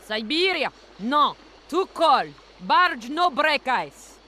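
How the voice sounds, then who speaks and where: An actress playing a blunt barge wife in a game, with a Russian accent and broken English. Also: female voice, high voice, big pitch swings, slow pace, bright, forceful tone, heavily acted. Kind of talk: game voice acting.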